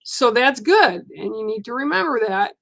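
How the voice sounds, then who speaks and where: Gravelly-voiced woman giving gentle card readings. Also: fairly high pitch, very animated, normal speed, dry recording. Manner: gentle, reassuring, rambling. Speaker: spiritual card reader. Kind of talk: live oracle card reading.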